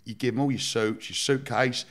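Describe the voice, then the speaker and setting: A man telling stories as a podcast guest, animated, laughing often and swearing freely. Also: mid-range voice, moderate pace. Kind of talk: casual storytelling chat.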